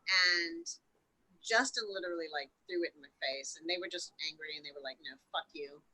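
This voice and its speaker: A woman with a very bright, sharp-edged voice tells her story in an emotional, unfiltered way. She swears a lot and trips over her words, restarting sentences as she goes. Her is relaxed and conversational. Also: lowish voice, a little fast, poor audio. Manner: emotional, swears freely, repeats and restarts often. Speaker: podcast guest. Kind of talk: candid storytelling interview.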